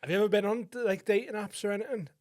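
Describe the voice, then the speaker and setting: A man's voice: high voice, steady tone, quick pace, darkish tone. A man with a North East English accent, co-hosting a comedy podcast, mostly giving short, easygoing replies. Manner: laid-back, short agreeing replies. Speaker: podcast co-host. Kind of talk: casual chat.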